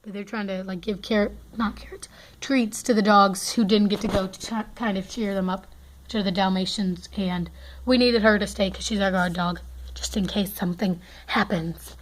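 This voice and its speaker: A woman's voice: mid-range voice, fairly even intonation, moderate pace, slight background noise. A young woman giving a casual, rambling tour of her toy horse barn, full of fillers and self-corrections.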